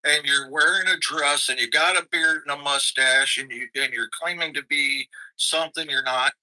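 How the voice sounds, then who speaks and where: A man's voice: on the high side, steady tone, normal speed, pushed and bright, poor audio. A man arguing in a live-stream debate, taunting and combative. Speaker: debate guest. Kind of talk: heated live-stream argument.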